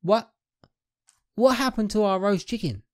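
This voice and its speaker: A gaming YouTuber gives casual let's-play commentary, his voice a little high for a man. Chatty and playful, he takes his time, often turns to address his viewers directly, cracks jokes, and talks straight to the characters on screen.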